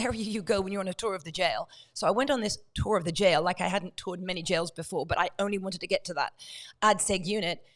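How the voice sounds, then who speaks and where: A woman guest on a talk show, telling a story in a lively way and acting out the dialogue. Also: mid-range voice. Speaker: guest, true crime author.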